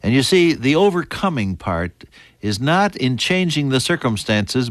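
An older man preaching a sermon in an earnest storytelling manner, climbing high for emphasis and sinking to soft whispers. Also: big pitch swings, unhurried, no echo, studio quality. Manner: earnest storytelling, pitch rising sharply on emphasis and dropping to near whispers.

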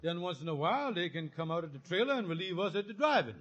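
An actor playing a scheming, fast-talking middle-aged husband in a 1950s radio comedy, wisecracking and stammering when cornered. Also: male voice, sits high, very animated, fairly bright tone, slightly rough, muffled recording, exaggerated voice. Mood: salesy. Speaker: lead comic character. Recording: scratchy old radio recording with hiss.

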